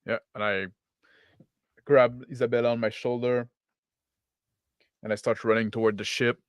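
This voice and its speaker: Smooth-voiced casual male player. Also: medium pitch, level tone, normal speed, dry recording, clean studio sound. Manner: casual, filler-heavy with like. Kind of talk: in-character tabletop play.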